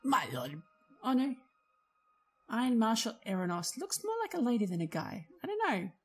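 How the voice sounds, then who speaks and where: A woman's voice: a little high, big pitch swings, normal speed, slightly rough, faint music behind. A woman casually narrating a let's play, reading game text aloud with amused asides.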